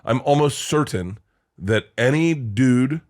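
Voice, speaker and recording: A middle-aged podcast co-host spins a long, casual story in a mid-range, slightly mellow voice, animated yet slow. He curses freely and laughs often.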